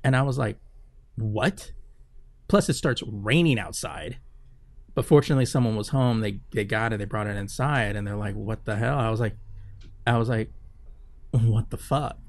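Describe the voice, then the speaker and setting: A man's voice: fairly low pitch, fairly quick, no room sound. A man co-hosting a podcast, telling a long story in a casual, rambling way with lots of fillers and swearing. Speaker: podcast co-host. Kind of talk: casual chat.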